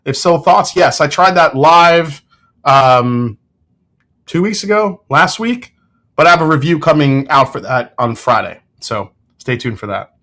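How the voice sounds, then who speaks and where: A man's voice: fairly high pitch, expressive, a little slow, a bit bright. A man hosting a casual whiskey livestream, giving tasting notes, joking with chat and swearing freely.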